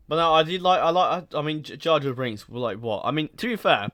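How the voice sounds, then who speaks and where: A man's voice: fairly high pitch, moderate pace, fairly bright tone, no echo, studio quality. A man hosting a casual podcast chat, rambling and laughing often, swearing casually. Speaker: podcast host.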